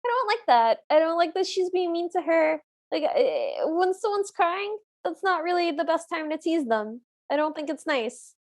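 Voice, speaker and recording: A woman's voice: very high-pitched, very animated, normal speed, hardly any pauses. A woman co-hosting a podcast in casual chat, earnest and openly opinionated about what she likes and dislikes. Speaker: podcast co-host.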